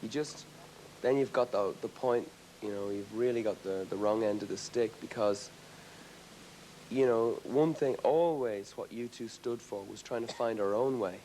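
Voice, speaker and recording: A man's voice: fairly low pitch, normal speed, dark tone, a little hiss or hum, poor audio. An Irish man talking as a guest in a casual TV studio interview, thoughtful and rambling, often restarting his sentences. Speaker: rock singer interviewed as a guest. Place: TV studio with an audience.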